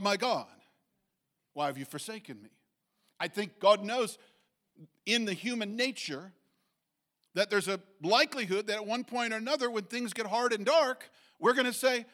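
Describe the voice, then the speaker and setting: A man preaching a sermon, reading scripture and speaking with animated rises, restarts and fillers. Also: high voice. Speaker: pastor.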